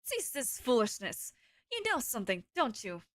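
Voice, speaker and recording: A woman's voice: fairly high pitch, wildly swooping pitch, moderate pace, a bit bright, no echo, clean studio sound. A woman reading a visual novel aloud, voicing a haughty, contemptuous aristocratic male pigeon student who speaks in curt, scornful commands.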